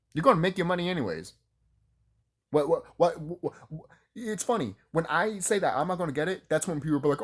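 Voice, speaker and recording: A man in a heated, sarcastic rant who swears freely and circles back over his points. His pitch jumps around a lot, rising high when he mocks others. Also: animated, fairly quick. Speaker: YouTuber ranting about video games. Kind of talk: casual rant to camera.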